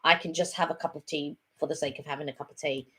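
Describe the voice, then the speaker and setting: A woman's voice: low voice, steady tone, fast, sharp tone. A woman co-hosting a casual live chat, rambling along with lots of fillers and restarts.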